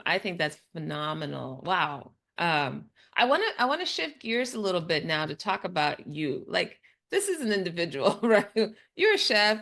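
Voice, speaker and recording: Lower-pitched woman hosting an interview. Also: gravelly. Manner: affirming, frequent soft acknowledgments. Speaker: podcast host. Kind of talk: conversational interview.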